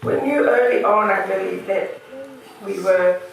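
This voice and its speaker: A woman's voice: mid-range voice, a little slow, vocal fry, a little hiss or hum. A woman gives a heartfelt funeral eulogy, laughing through memories. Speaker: widow giving a eulogy. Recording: echoey hall, distant mic.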